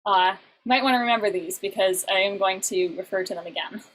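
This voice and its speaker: A woman at a medium pitch teaching a class over a video call. She explains patiently and step by step, with frequent small fillers. Faint noise sits behind her voice. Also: a little fast, a bit bright, poor audio. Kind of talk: online class lecture.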